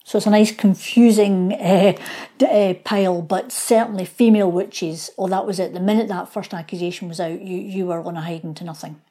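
Mellow-voiced woman historian. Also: medium pitch, steady tone, fairly quick. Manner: explanatory, acts out quoted voices. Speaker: local historian guest. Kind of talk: interview.

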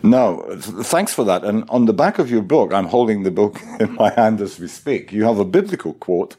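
A man's voice: on the low side, expressive, normal speed, few pauses, mellow, slightly rough. A man interviewing a guest, asking questions in a conversational way.

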